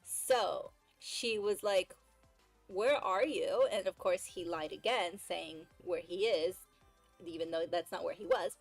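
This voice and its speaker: A woman's voice: on the low side, fairly even intonation, a little slow, gravelly, no echo, faint music behind, low-quality recording. A woman streamer retelling a story in a casual, chatty way, full of fillers and exasperated asides.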